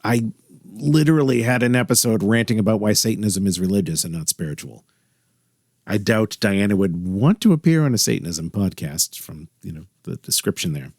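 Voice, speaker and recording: A man with a fairly low voice hosts his own podcast, talking straight into a close mic. His delivery is dry and sardonic, full of wry asides. The sound is dead and dry, with no room echo. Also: animated, normal speed, a little mellow. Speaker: podcast host. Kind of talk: solo podcast monologue.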